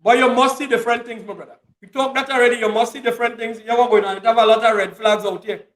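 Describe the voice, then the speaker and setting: A man's voice: extremely high pitch, fairly even intonation, quick pace. A man, hosting a casual chat and holding forth with lots of repetition. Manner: preachy, repeats phrases for emphasis. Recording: echoey room.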